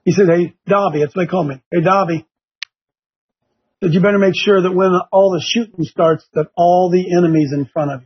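Older ohio guy hosting a church talk show, raspy high voice, keeps hammering the same point. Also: steady tone, fairly quick. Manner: emphatic, repeats his points. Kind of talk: preachy talk-show commentary. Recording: dull lo-fi sound.

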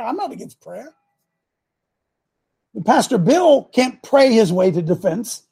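A man's voice: extremely high pitch, sing-song, normal speed, creaky, a little mellow, husky. A middle-aged man hosting a call-in talk show, preaching and scolding his listeners in a combative way.

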